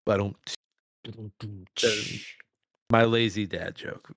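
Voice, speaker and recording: A man's voice: on the low side, fairly even intonation, extremely slow, fairly bright tone, no echo, studio quality. Profane jokey male podcast co-host. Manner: profane, jokey, acts out quotes. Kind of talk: casual movie podcast chat.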